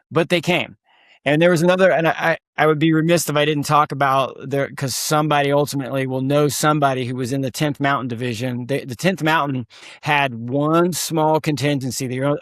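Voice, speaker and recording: A man's voice: a little high, no room sound, studio quality. A man telling war stories as a podcast guest, emphatic and pushing hard on key points. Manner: emphatic, rising to near-shouts at key points. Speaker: guest, combat veteran and speaker. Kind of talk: storytelling interview talk.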